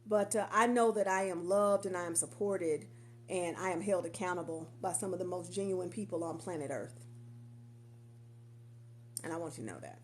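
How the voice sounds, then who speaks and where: A woman's voice: fairly low pitch, moderate pace, long pauses, a little hiss or hum. A woman coach chatting casually to viewers on a livestream from her couch, affectionate and rambling, often repeating herself. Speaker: coach and marketer. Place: at home on a couch.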